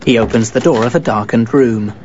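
A man giving scripted recap narration in a flat, matter-of-fact way. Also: medium pitch, brisk, a little hiss or hum. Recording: dull audio over loud music.

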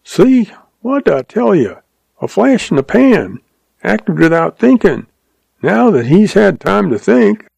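A man's voice: sits high, sing-song, slow pace, vocal fry, darkish tone, husky, no room sound, voice pushed up, heavily acted. A man voicing a harsh, scornful townsman in a raised voice.

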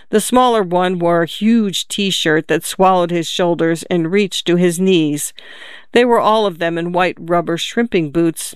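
A narrator reading a short story aloud in an even, measured way. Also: medium pitch, smooth, no room sound, clean studio sound. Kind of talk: audiobook narration.

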